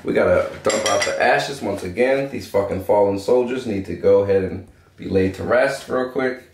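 A man with a fairly low voice talks through a casual review in a brash, joking way, swearing often. His voice rings around an echoey room. A faint hiss of noise sits behind him. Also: normal speed. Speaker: cannabis strain reviewer. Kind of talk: casual profane review chat.

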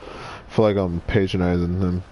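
A man's voice: deep voice, level tone, normal speed, mellow, a little hiss or hum. Goofy young man gaming. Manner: goofy, joking, talks to his pets. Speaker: game streamer. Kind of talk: let's play commentary.

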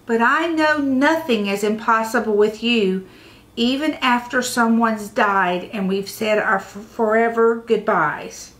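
A woman's voice: fairly high pitch, measured pace, fairly bright tone, roomy sound. A woman reading the part of a grieving yet faithful woman in a children's story, speaking earnestly and from the heart.

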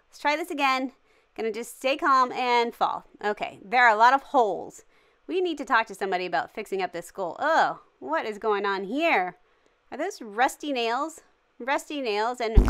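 A woman's voice: fairly high pitch, lively intonation, normal speed, a bit bright. A woman hosting a gaming channel, giving cheery, jokey and dramatic running commentary as she plays. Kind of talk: playful game commentary.

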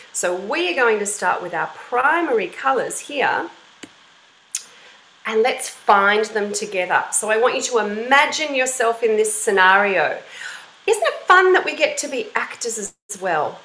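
A woman's voice: mid-range voice, echoey room, a little hiss or hum, rough recording. A woman from Australia teaching an online voice class for kids in an encouraging, storytelling manner. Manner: bright, encouraging teacher voice, storytelling with sung-out examples.

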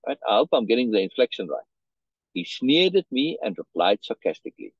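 A man's voice: mid-range voice, big pitch swings, brisk, slightly rough, dry recording, dull audio. A man reading a story aloud and explaining it to a learner, checking in often and restarting his phrases. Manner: restarts and repeats words. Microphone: video call.

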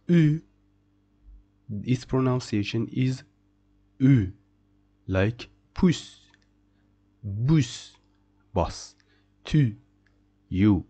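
Brief: male tutor, unhurried drilling delivery, mellow tone, repeats words for learners. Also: on the low side, lively intonation. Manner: repeats each word slowly, then translates. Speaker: French teacher. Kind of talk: slow beginner pronunciation lesson.

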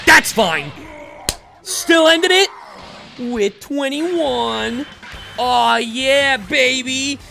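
A young man giving excited gameplay commentary, yelling and trash-talking his opponent as he plays a fighting game. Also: very high voice, very slow, creaky, long pauses, soft background music, a faint crowd. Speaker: gaming YouTuber playing a fighting game.

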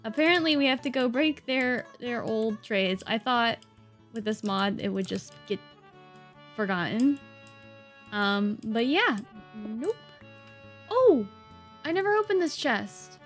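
A woman's voice: fairly high pitch, takes it slowly, a bit bright, soft background music. A woman hosting a let's play, chatting playfully through her gameplay and laughing often. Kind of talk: casual gameplay commentary.

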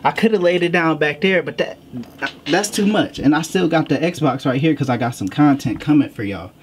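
A man's voice: fairly high pitch, normal speed, a little hiss or hum. A man hosting a casual gaming vlog from his home office, slangy and a little out of breath, talking straight to his viewers. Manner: slangy, talks straight to viewers with lots of asides. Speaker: gaming YouTuber host.

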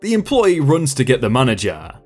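A man narrating a first-person story in a wry, animated way, like a reddit storytime reading. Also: medium pitch, a little fast. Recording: narration over soft background music.

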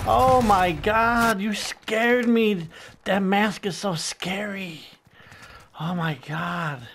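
A man's voice: high voice, extremely slow, background noise. A man giving crude, mock-friendly gameplay commentary, taunting other players and exclaiming whenever he gets surprised. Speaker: gamer streamer. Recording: gameplay audio with gunfire behind. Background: game gunfire and explosions.

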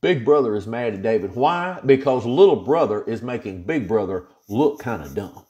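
A man's voice: mid-range voice, animated, normal speed, darkish tone, lo-fi sound. A male pastor teaching an informal Bible study, retelling scripture in a folksy, plain-spoken way.

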